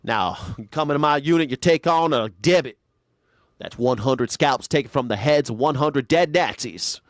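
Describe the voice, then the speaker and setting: A man doing a gruff drawling army officer. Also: medium pitch, moderate pace, no room sound, studio quality, close to an everyday voice. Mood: menacing.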